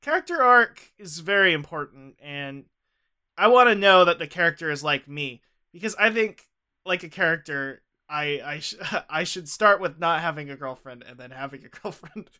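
A man's voice: a little high, animated, normal speed, bright, forceful tone, clean tone. A man co-hosting a casual comedic podcast chat, rambling and laughing often. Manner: giggly, rambling, ironic. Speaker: podcast co-host.

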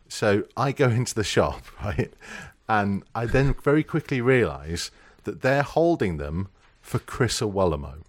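A man's voice: on the low side, very animated, moderate pace, few pauses. A man hosting a podcast, telling stories in a chatty, teasing way. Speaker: podcast host. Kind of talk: casual chat.

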